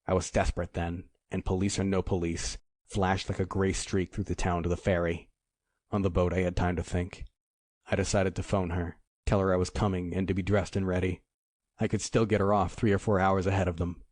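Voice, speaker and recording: A man reading a first-person crime novel aloud in a measured, dramatic storytelling manner. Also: low-pitched, little pitch movement, darkish tone, no echo, clean studio sound. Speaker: audiobook narrator. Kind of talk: scripted first-person narration.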